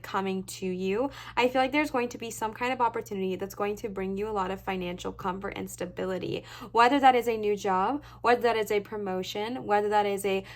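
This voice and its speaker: A young woman giving a casual pick-a-card tarot reading to camera, chatty and reassuring, often checking in with "okay, bestie?". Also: medium pitch. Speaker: tarot reader.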